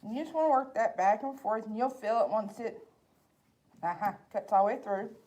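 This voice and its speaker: A woman's voice: fairly high pitch, normal speed, warm tone. A woman in her forties with a Southern US accent, hosting a casual cooking demonstration in a chatty, folksy way. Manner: chatty, folksy, addresses viewers as y'all. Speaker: library program host.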